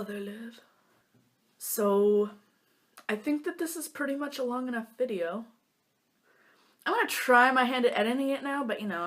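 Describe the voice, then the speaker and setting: A young woman's mid-range voice comes across bright and pushed as she vlogs to a phone camera in a small room lit by a lamp. She tells stories in a joking, playful mood and acts out her friends' words in silly voices.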